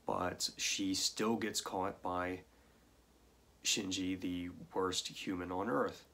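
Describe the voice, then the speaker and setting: In a casual film review, a man walks through the plot, stopping now and then for dry, sardonic asides. His voice is slightly low, gravelly and sharp, and he speaks slowly and deliberately.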